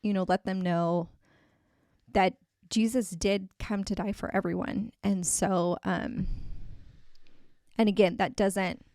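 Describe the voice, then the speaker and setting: A woman speaking earnestly on a faith discussion podcast, voice sitting at a middle pitch. She talks in a relaxed, chatty way, with plenty of fillers and restarts. The sound is dry and close, with no room around it. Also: slow pace, no echo. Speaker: podcast co-host.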